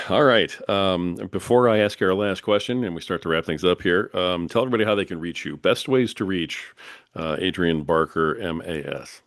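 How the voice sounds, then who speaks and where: A man hosting a podcast interview, brisk and affirming as he asks questions and thanks his guest. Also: sits low, fairly bright tone, dry recording. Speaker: podcast host.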